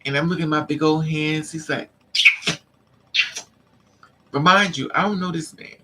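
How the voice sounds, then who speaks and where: A woman vlogger telling a story in a casual, animated way, repeating lines for emphasis and acting out what men said to her. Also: low-pitched, moderate pace, heavy background noise. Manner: acts out the men's lines in quotes.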